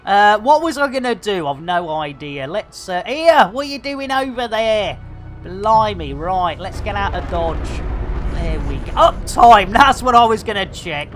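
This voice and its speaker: A woman doing jokey, rambling commentary on a game livestream, full of catchphrases. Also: medium pitch. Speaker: game streamer.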